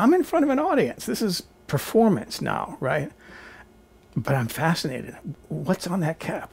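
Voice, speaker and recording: A man vlogging from his home kitchen, telling a college theater anecdote in an animated, theatrical way. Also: a little high, creaky, breathy edge. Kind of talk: casual storytelling to camera. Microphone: camera on a tripod.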